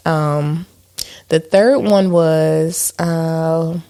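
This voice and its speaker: Gravelly, candid woman podcaster. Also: low voice, steady tone, very slow, dark tone. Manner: candid, self-mocking, chatty with many fillers. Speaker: podcast co-host. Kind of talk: casual chat.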